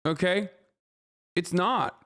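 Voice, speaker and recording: A man's voice: high voice, slow, fairly bright tone. A man livestreaming, reacting to a news story with heated, profanity-laden ranting and scolding his chat. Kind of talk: live stream reaction commentary.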